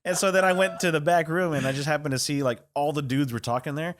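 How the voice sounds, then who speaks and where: A man's voice: fairly high pitch, steady tone, quick pace, a bit bright. A man co-hosting a podcast, chatting casually and crudely and telling stories with a lot of laughter. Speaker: podcast co-host. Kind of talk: casual chat.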